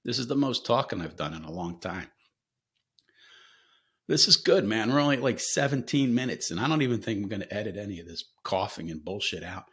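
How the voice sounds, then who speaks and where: Low-voiced man hosting a candid solo podcast. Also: expressive, brisk, fairly bright tone. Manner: rambling, candid, swears freely, frequent fillers. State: coughing now and then. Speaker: podcast host. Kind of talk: casual solo podcast monologue.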